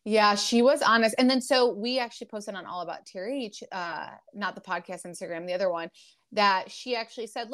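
Chatting a little fast in a medium-pitched, fairly bright voice, a young woman co-hosts a podcast, giving a loose, rambling recap filled with fillers and restarts.

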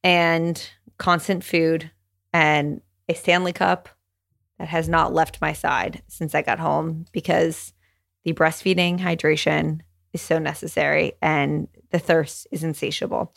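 A young woman hosting her own podcast, chatting candidly and casually, swearing freely and saying "like" a lot, with a gravelly fry in her voice. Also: fairly low pitch. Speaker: podcast host. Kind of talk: casual solo podcast chat.

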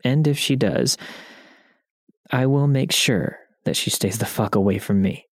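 A man narrating first-person stories as scripted narration, even and matter-of-fact. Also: medium pitch, unhurried, slightly rough, no echo, clean studio sound. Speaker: story narrator.

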